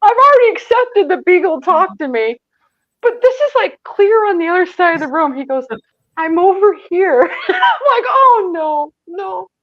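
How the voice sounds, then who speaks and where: A woman's voice: very high voice, big pitch swings, normal speed, no echo, dull audio. A woman from Michigan, a psychic medium, telling a story as an interview guest, laughing often and acting out the voices she quotes. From Michigan, USA. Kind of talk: animated storytelling in a casual interview.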